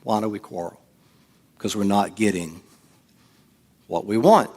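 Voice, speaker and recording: Animated pastor preaching. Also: male voice, on the low side, a little slow, long reverb tail. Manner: animated preaching, swings from quiet to loud. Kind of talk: sermon.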